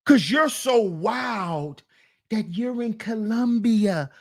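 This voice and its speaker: A woman's voice: medium pitch, a little slow. A woman hosting a reaction commentary channel, scolding and mocking her viewers and repeating lines for emphasis. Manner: slips into mock voices of the men she criticizes.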